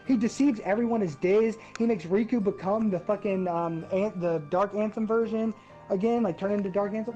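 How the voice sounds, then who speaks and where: A woman's voice: mid-range voice, fairly quick, highs cut off, faint music behind. A woman ranting about a game in casual chat, swearing freely and getting worked up. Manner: profane, ranting, animated. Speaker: gaming podcast host.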